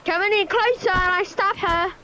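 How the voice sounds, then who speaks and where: A woman's voice: extremely high pitch, normal speed, bright, forceful tone, voice pushed up. A woman voicing a knife-waving Australian bloke, using a put-on Australian accent and repeating taunting threats. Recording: noisy game audio behind.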